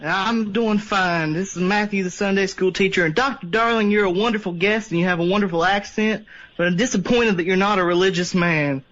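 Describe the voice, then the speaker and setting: A man's voice: sits high, a little fast, fairly bright tone, dull audio. A man calling in to a radio show, speaking in a preachy, scolding way. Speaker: caller.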